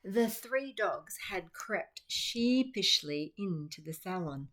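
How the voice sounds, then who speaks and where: A middle-aged Australian woman and teacher reading a picture book aloud to children, with chatty, lively asides. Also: medium pitch, takes it slowly, a little hiss or hum. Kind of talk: children's storytime read-aloud.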